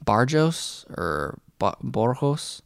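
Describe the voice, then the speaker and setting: Young man, podcast co-host, casual chat, rambling, animated, dry close sound, mid pitch. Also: extremely slow, creaky, clean tone, no echo. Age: young adult. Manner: animated, rambling, addresses fighters directly.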